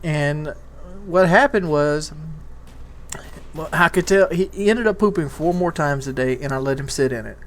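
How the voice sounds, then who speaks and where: A man's voice: a little high, moderate pace. A man doing a casual, rambling commentary, telling a candid parenting story with many restarts. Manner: rambling, repeats words and restarts. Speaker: YouTube commentator.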